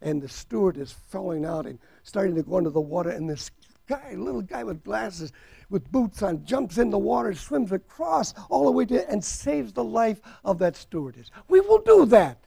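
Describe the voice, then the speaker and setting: A man preaching in a high, gravelly voice, stretching his words out slowly. He swings from hushed asides to ringing declarations and argues back at an imagined doubter. The sound is close and dry. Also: expressive, no room sound. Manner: emphatic, swings from soft to loud, drawn-out words. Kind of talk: sermon.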